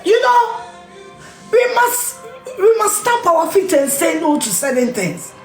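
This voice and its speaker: A woman's voice: very high voice, sing-song, slow, echoey room, faint music behind. A woman with a Ghanaian accent delivering an impassioned, scolding monologue, repeating her points and mixing in local phrases. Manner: scolding, emphatic, repeats phrases, switches into Twi and Ga. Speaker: media personality ranting on camera.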